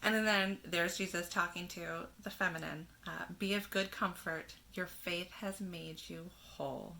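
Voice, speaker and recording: A woman giving a spiritual tarot reading in a gentle manner, reading card verses aloud and laughing softly now and then. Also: lowish voice, a little slow, creaky. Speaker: tarot reader.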